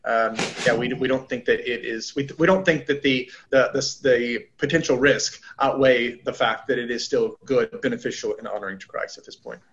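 A man speaking as a pastor in a casual church discussion, earnest and halting with many restarts. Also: mid-range voice, a bit bright, muffled recording.

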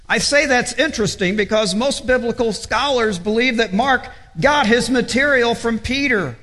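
In an echoey hall, a male pastor preaches an earnest sermon marked by halting repetitions, his voice dropping low and soft whenever he quotes scripture.

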